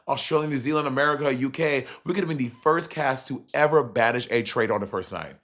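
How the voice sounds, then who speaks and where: A man chatting casually on a livestream as he reacts to a reality show, animated and profane, with sudden jumps in pitch. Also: fairly quick, hardly any pauses. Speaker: streamer reviewing a reality show.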